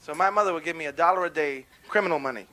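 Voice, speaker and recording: Recorded live in the 1970s with a faint hiss, this stand-up set features a young man from New York who is brash on the club stage and quick to put on character voices. His voice leans toward the high side.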